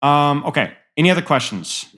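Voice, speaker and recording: A man's voice: a little high, sing-song, fairly quick, fairly bright tone. A man with a nasal voice coaching a player in a casual, frank, rambling way full of fillers. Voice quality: self-described nasal voice. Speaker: game coach.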